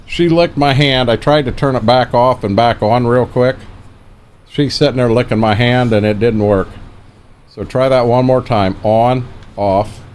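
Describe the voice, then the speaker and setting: A man's voice: mid-range voice, darkish tone, a little hiss or hum. An older man giving laid-back, folksy commentary while streaming a farming game. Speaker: gameplay streamer and real farmer. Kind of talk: casual gameplay commentary.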